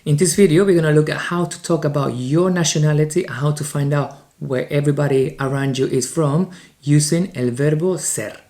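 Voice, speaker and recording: A man with a Spanish accent gives a beginners' language lesson in a mellow, warm voice. He keeps an upbeat pace and slows right down to spell out each example sentence. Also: a little high. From Spain. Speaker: Spanish teacher.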